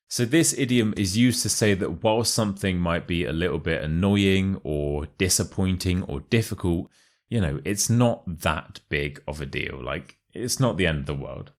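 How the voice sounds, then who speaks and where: A young man with a low, deep voice and a modern RP British accent, teaching everyday expressions. He talks in a chatty, joking way and drills phrases with exaggerated examples. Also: animated, normal speed. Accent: modern RP British English. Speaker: English teacher. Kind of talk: casual YouTube English lesson.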